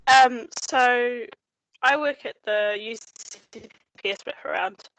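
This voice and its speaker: A woman's voice: on the high side, slow pace, fairly bright tone, poor audio. A woman attending a webinar who jumps in politely and shares her experience, hesitant and full of fillers. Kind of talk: casual chat.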